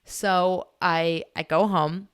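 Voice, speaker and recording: A young woman hosting a podcast, telling a personal story in a chatty, animated way with frequent laughs. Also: fairly low pitch, takes it slowly, clean tone. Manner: chatty, animated, laughs often, many "like" fillers. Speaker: podcast host. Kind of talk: casual storytelling chat.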